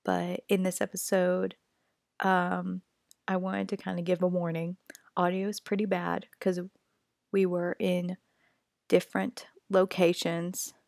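A young woman co-hosts a podcast remotely from home on her computer mic, chatty, rambling and self-aware while still recovering from being sick. Her voice is on the low side, gravelly and darkish, with little pitch movement and an unhurried pace. The sound is clean and studio-like, with no room noise.

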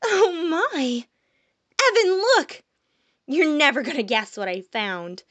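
A bubbly young woman with a high, gushing storybook voice that leaps up in pitch, played by a woman narrator. The sound is close and dry, with no room around it. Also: expressive, takes it slowly, a bit bright, no room sound, heavily acted. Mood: excited.

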